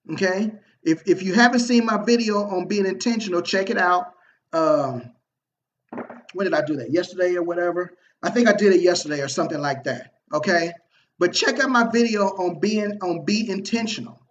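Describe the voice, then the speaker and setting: A man telling a personal story to his viewers in a casual, motivational way, slangy and animated, acting out the people he quotes. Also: high voice, normal speed, dull audio, slight background noise. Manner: animated, slangy, repeats himself and acts out quoted dialogue. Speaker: online marketing video host.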